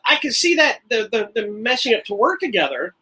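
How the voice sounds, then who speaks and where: A man's voice: very high-pitched, big pitch swings, brisk, sharp tone, slightly rough, low-quality recording. A man co-hosting a podcast, rambling through a casual movie review and laughing often. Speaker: podcast co-host.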